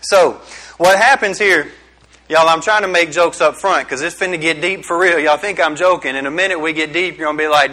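A middle-aged man preaches to a small group in a loose, joking way. He keeps firing questions back at his listeners. His voice sits a little high and rings bright and forceful. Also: fairly quick. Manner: joking, chatty, quizzes the audience. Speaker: youth pastor. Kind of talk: casual youth sermon.

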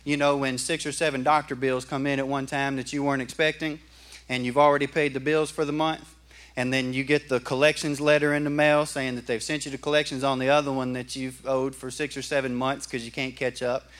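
A man preaching a sermon in a folksy, animated way and asking the congregation questions. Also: mid-range voice, fairly quick. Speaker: pastor. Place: church.

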